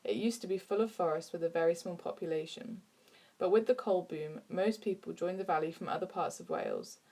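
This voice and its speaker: Woman reading an explainer script, lowish voice, measured and informative. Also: mellow. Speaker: narrator. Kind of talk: scripted narration.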